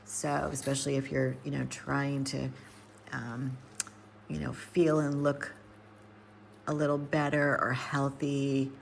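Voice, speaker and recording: Her bass voice stays level and slow, marked by vocal fry, long pauses, and a bit of background noise. She coaches nutrition and grows plants hydroponically, chatting casually live to viewers in an indoor grow room and thinking aloud while she works, in a rambling way.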